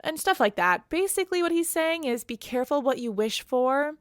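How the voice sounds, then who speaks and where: A woman's voice: sits high, lively intonation, normal speed, no room sound, studio quality. A woman podcast host recapping a book in a chatty, wry, slangy way.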